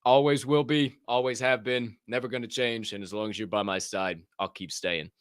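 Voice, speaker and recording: A young man hosting a livestream podcast, loud and joking, swearing freely and laughing at himself. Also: mid-range voice, fairly even intonation, moderate pace, clear, resonant tone, no echo, studio quality. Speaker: podcast host. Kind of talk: loose, profane livestream chat.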